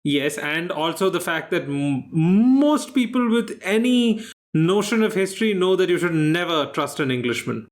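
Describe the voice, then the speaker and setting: A man with a fairly high voice hosts a quiz podcast in relaxed conversation. He explains answers at an unhurried, thoughtful pace and slips in dry, teasing jokes. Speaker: quizmaster co-host. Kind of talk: casual podcast chat.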